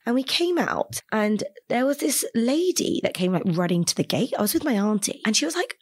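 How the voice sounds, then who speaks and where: A woman from Britain, a podcast guest, telling a story in a chatty, animated way with many "like" fillers. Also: on the high side, a little fast, breathy edge. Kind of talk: casual storytelling interview.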